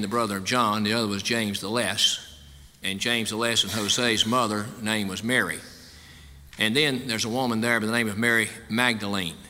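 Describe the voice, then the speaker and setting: Pastor, male, conversational sermon delivery, bright forceful tone, reverberant church hall. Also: fairly low pitch. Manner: folksy, conversational preaching.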